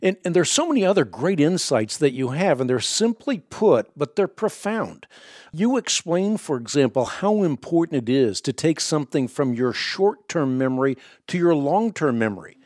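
A man's voice: fairly high pitch, big pitch swings, normal speed, darkish tone, no room sound, studio quality. A man hosting a radio interview, speaking in an earnest and emphatic way. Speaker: radio show host. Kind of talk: radio interview and promo reading.

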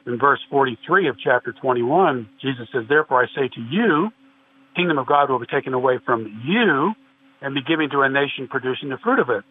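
A man's voice: medium pitch, animated, a little fast. A man guest in a religious discussion, earnestly explaining and quoting scripture at length. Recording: tinny phone-like line with faint hiss.

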